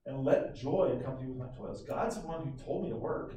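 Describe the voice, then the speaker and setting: A man with a mellow, dark tone preaches in a loose, conversational style to his congregation. He is picked up from a distance in a very echoey church room. Faint room ambience hangs behind him. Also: medium pitch, brisk, few pauses, slight background noise. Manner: conversational, animated preaching with call-and-response. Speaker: pastor. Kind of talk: sermon. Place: church sanctuary.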